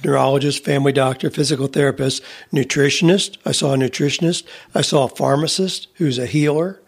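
Gravelly-voiced man in his seventies. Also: mid-range voice, fairly even intonation, fairly quick, few pauses. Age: 70s. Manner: earnest, recounting experiences plainly. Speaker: guest. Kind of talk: casual interview talk.

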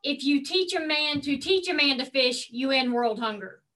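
A woman speaking up during a video call meeting. Her voice sits high and bright, and she talks in a friendly, sharing way. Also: expressive, normal speed. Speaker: meeting participant. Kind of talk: casual call contribution.

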